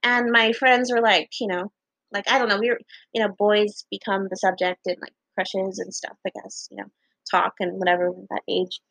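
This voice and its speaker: A young woman casually telling a story to her viewers, chatty and laughing often, acting out what people said with big jumps in pitch and casual swearing. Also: flat delivery, normal speed, gravelly, fairly bright tone, dry recording, poor audio.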